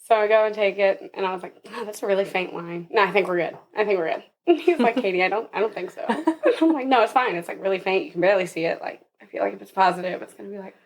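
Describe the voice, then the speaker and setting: A woman's voice: medium pitch, expressive, fast talker. A young woman, a podcast guest, tells a personal story in casual interview talk, laughing often and acting out the voices of people she quotes.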